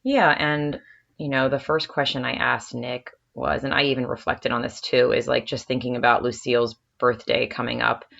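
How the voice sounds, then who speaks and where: A woman co-hosting a podcast, chatty and upbeat and quick to laugh. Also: a bass voice, little pitch movement, creaky, a bit bright, lo-fi sound. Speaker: podcast co-host. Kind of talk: casual chat.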